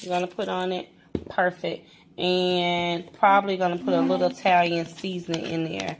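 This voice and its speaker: A woman's voice: lowish voice, level tone, moderate pace, noisy background. A woman vlogger talking viewers through a home cooking tutorial in a chatty way, calling them guys and stammering now and then.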